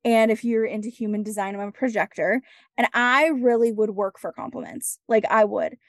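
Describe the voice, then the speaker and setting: A woman guest on a podcast interview, telling her story in a casual, animated way and acting out bits of dialogue. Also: mid-range voice, moderate pace, dry recording, clean studio sound. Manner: animated, acts out dialogue, laughs often. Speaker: podcast guest, business strategist.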